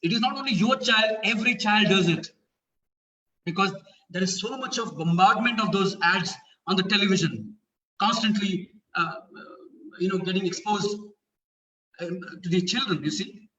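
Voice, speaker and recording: Indian english guy talking to parents, earnest, high bright voice, echoey room a bit far off. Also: normal speed. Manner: earnest, explanatory, asks rhetorical questions. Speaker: parenting speaker. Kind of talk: talk to parents. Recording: dull, roomy, from a distance.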